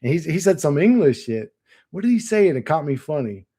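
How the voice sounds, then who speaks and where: A man's voice: fairly high pitch, very animated, a little fast, mellow, husky. A man rambling casually to his stream chat, swearing and laughing often. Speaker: channel host.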